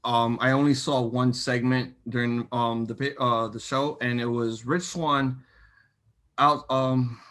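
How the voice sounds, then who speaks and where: A young man co-hosting a casual wrestling chat show, excitable and animated, with many fillers. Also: medium pitch, measured pace. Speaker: co-host.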